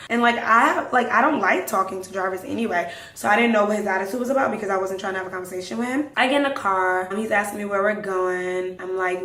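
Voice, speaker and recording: A young woman podcast host telling a wild story casually, acting out the quotes. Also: medium pitch. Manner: animated, dramatic retelling with acted-out quotes. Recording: roomy, distant mic.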